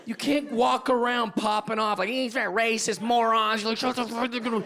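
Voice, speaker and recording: A male stand-up comedian doing a brash, profane set, slipping into quick character voices. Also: extremely high pitch, level tone. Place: comedy club stage with live audience. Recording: live club set with loud crowd laughter. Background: audience laughing.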